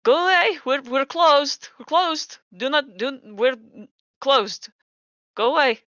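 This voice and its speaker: A man voicing a terrified older coffin maker who stammers and shouts to be left alone. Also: very high-pitched, lively intonation, takes it slowly, no room sound, muffled recording, voice pushed up, full character voice. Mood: panicked.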